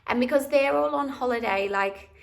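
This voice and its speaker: A woman's voice: high-pitched, normal speed, vocal fry, no room sound. A woman in her thirties with an Australian accent, chatting candidly and breezily to the camera in a home vlog. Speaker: vlogger. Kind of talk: casual vlog chat.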